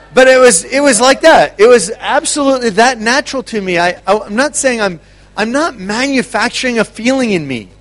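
A man with a high voice gives an animated teaching talk to a gathered group. He laughs often and stumbles over repeated words as he tells his stories. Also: fairly quick. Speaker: ministry speaker.

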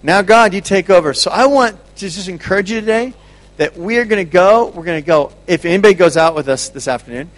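High-voiced animated man preaching. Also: brisk. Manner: animated, laughs often, repeats words. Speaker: ministry speaker. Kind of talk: energetic teaching talk.

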